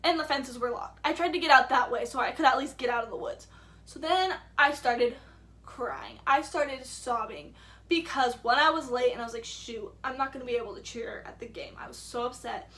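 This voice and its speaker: Young female vlogger, high bright voice, rambling casual storyteller. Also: lively intonation, normal speed. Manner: rambling, says "like" a lot, acts out quotes.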